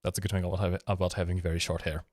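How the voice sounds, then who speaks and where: A man with a lowish voice hosts a casual live stream and rambles through jokes and chat questions. He fills gaps with ums and uhs. The sound is dry and close, with no room echo. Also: level tone, rapid-fire, a little mellow. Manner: joking, rambling, with frequent fillers.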